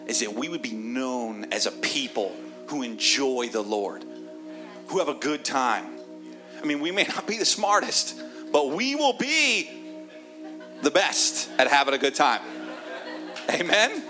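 Music plays in the background as a guest preacher, medium in pitch, speaks unhurriedly and pauses often. His sermon in a church unfolds as a lively story broken by soft, earnest asides.

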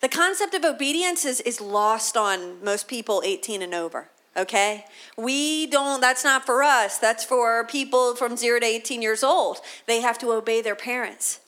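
A woman's voice: fairly high pitch, normal speed, few pauses, a bit bright. A woman pastor giving a conversational sermon, often restarting her sentences. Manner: conversational preaching with repeated restarts.

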